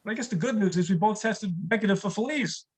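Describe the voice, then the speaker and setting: A man in his sixties from New York, telling wry, rapid-fire one-liners in a stand-up comedy set on a stage mic. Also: high voice, breathy edge, rough recording. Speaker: stand-up comic.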